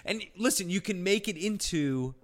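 A man's voice: sits high, expressive, normal speed. A young man co-hosting a podcast in casual chat, joking, swearing and laughing often. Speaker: podcast co-host.

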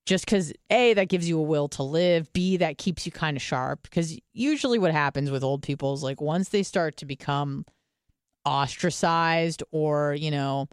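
A young woman from the States chats candidly on a podcast, dropping swear words and fillers as she goes. Her voice is smooth and clear, recorded close with no room sound. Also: low-pitched, normal speed, no echo. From United States. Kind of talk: casual podcast chat.

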